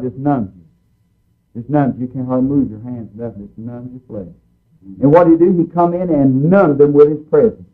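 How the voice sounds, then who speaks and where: Fervent preacher man on a tinny line. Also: a little high. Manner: folksy, emphatic preaching with frequent repetition. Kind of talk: fervent sermon. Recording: tinny phone-like recording.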